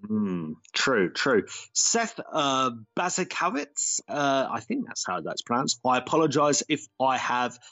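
A man with a mid-range voice and a swinging, animated delivery co-hosts a chatty podcast. His voice comes through a slightly dull, lo-fi mic as he reads listener comments. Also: medium pitch, measured pace, few pauses. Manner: relaxed, reads listener comments aloud with lively intonation. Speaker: podcast co-host. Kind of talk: casual podcast chat.

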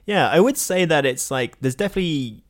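A man co-hosting a podcast, talking in a relaxed, hedging way. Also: a little high, a little fast. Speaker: podcast co-host. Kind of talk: casual chat.

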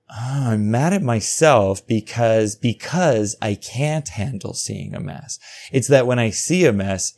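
A man's voice: medium pitch, darkish tone. Candid, cursing man telling a story. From Alberta, Canada. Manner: candid and profane, acting out his own inner thoughts. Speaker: podcast host. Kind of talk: confessional storytelling monologue.

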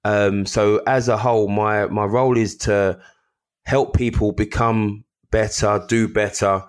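Man, low voice, earnest, podcast guest, casual chat, repeats words. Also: level tone, unhurried, clean tone. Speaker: guest, former footballer and mentor.

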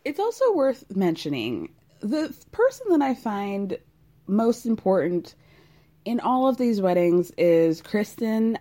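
Chatty, sardonic woman with a mellow voice. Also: medium pitch. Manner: chatty, sardonic, quick asides. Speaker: podcast host recapping a reality show. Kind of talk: casual chat.

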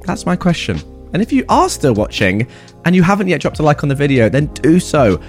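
A man hosting a channel, reading stories aloud and joking about them afterward in a lively way. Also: fairly high pitch, a little fast, faint music behind. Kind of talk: storytelling narration with commentary.

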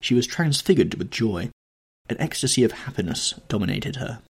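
A man narrating a classic novel in an expressive, dramatic storytelling manner. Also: medium pitch, normal speed, vocal fry, slightly rough. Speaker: audiobook narrator.

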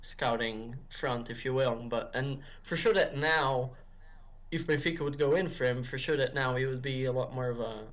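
A football podcast guest with a mid-range, fairly bright voice talks at normal speed in a casual, rambling chat. He restarts frequently and drops fillers like "if you will."

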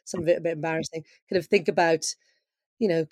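A woman's voice: low-pitched, fairly even intonation, fast, darkish tone, no echo. Eager woman podcast host, dry sound. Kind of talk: casual podcast interview.

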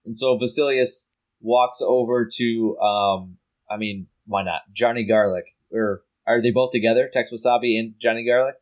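A man's voice: medium pitch, steady tone, moderate pace, poor audio. A man playing a tabletop game who rambles casually, swears, and restarts his sentences. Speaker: player.

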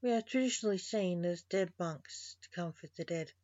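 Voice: medium pitch, normal speed, darkish tone, no echo, close to an everyday voice. A narrator doing a sarcastic joking reaper dad. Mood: dry. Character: sarcastic grown male reaper, joking father. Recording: dull lo-fi dry recording.

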